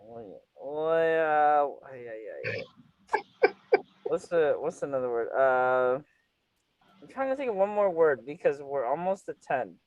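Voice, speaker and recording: A man runs a loose, flirty interview, teasing his guest and breaking into laughter. His voice sits high for a man. The sound is close and dry. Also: sing-song, unhurried, dry recording, highs cut off. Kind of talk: casual flirty chat. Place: California.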